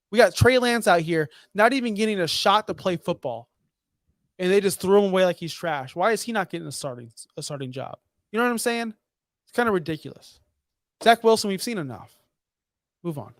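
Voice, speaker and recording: A fired-up man co-hosting a podcast, his voice sitting a little high and ranting with heavy emphasis. The sound is dry and close, with no room echo. He piles point upon point without letting up. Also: fairly bright tone. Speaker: podcast co-host. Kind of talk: heated fantasy football talk.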